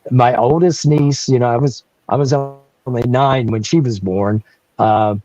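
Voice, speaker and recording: A man in his sixties from North Carolina, a guest telling a childhood story in a casual, animated way, with frequent laughs and restarts. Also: medium pitch, measured pace, no echo, lo-fi sound. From North Carolina, USA.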